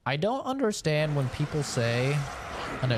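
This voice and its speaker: A man's voice: on the high side, sing-song, measured pace, background noise. A man streaming a video game, joking sarcastically and swearing freely as he plays. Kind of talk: casual gameplay commentary.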